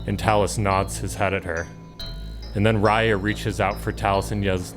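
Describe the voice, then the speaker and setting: Guy running a tabletop game, lowish voice, calm storyteller, soft music behind. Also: moderate pace. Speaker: game master.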